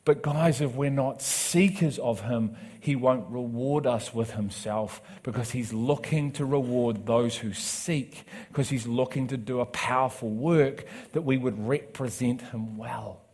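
A male preacher tells a personal testimony in a sermon. He swings from quiet, close narration to loud, emphatic declarations, acting out the voices of the people in his story. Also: mid-range voice, unhurried, few pauses, husky. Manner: animated storytelling with acted quotes, rising to loud emphatic preaching.

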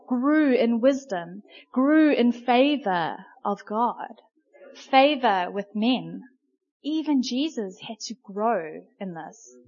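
Woman preacher, chatty storytelling sermon, fairly high voice, dull lo-fi sound. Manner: conversational, animated storytelling with many fillers. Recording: muffled lo-fi recording.

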